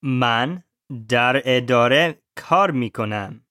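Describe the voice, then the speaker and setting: A man's voice: medium pitch, lively intonation, a little fast, sharp tone, no room sound. Guy playing the student, repeats every word after the teacher, careful, dry close mic. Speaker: language student. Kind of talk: repeating phrases in a lesson.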